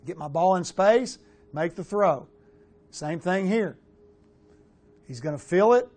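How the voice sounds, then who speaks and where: Blunt, animated quarterback coach, a man. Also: sits high, takes it slowly. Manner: blunt, animated, swears casually. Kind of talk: film breakdown coaching talk.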